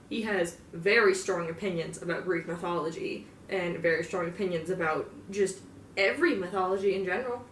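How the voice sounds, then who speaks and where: A woman's voice: mid-range voice, a little hiss or hum. A young woman in a casual, profane in-character monologue, rambling with lots of filler words. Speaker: fan roleplayer. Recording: roomy, distant mic, faint ambience.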